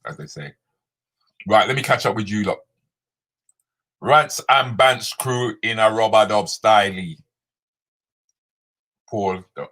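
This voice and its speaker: A comedian host moderating a live chat reads comments on a casual stream in a bright voice of fairly low pitch. He jokes and banters with viewers by name, slipping into Jamaican patois.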